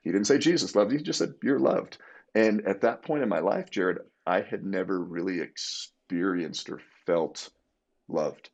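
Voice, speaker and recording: A man telling a personal story as a podcast guest, candid and energetic, with plenty of fillers. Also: deep voice, normal speed.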